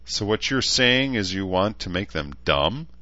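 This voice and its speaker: A man's voice: lowish voice, animated, unhurried, bright, forceful tone, no room sound, pitched above the performer's own voice. A man reading the lines of a blunt, skeptical giant in an audiobook, harsh and short, on a dull recording.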